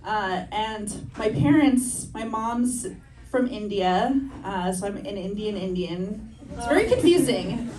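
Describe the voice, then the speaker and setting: A woman's voice: mid-range voice, animated, slow pace, roomy sound, crowd noise. Chatty woman comic laughing through jokes. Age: 30s. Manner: chatty, self-deprecating, laughs through her lines. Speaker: stand-up comedian. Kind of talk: stand-up comedy set. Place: comedy show stage on a campus, indoors. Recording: distant stage mic with loud audience laughter. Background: audience laughing.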